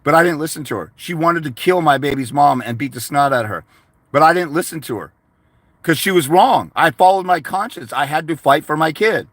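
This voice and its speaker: A man's voice: a little high, animated, fairly quick, fairly bright tone, no room sound. A man hosting a livestream, ranting aggressively with profane insults while answering viewer questions. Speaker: host.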